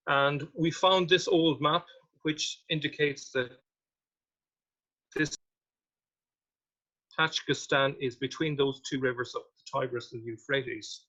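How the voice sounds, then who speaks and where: With slides behind him, a man gives a history talk, reading old quotations aloud and then questioning what they mean. His mid-range voice sounds pushed and bright, and the recording is lo-fi.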